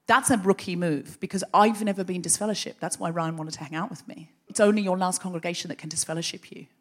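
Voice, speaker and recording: A woman host telling a comic story live on stage into a microphone, brisk and wry, with dry asides. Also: lowish voice, steady tone. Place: live stage before an audience.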